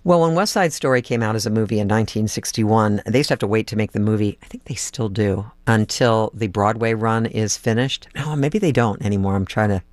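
An older man spins a showbiz anecdote between tracks, chatty and a little meandering. His voice sits slightly low, and the recording is close and dry, with no room around it. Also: fairly quick, hardly any pauses, no room sound. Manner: chatty, anecdotal, corrects himself aloud. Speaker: radio host. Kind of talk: casual storytelling between music.

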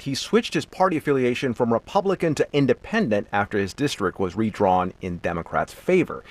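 A man anchoring a news program, introducing a guest and asking him questions. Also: mid-range voice. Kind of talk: interviewing.

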